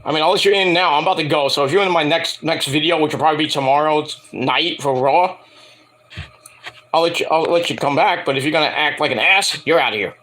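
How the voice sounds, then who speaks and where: Reviewing a wrestling show for his viewers, a man rants casually, rambling, swearing, and throwing in jokey asides. His voice is a little high and a bit bright, and he talks fast.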